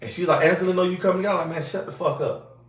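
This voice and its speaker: A podcast host with a high-sitting voice talks fast, telling a long story in casual chat while acting out other people's voices and swearing a lot. The sound is roomy, picked up by a distant mic.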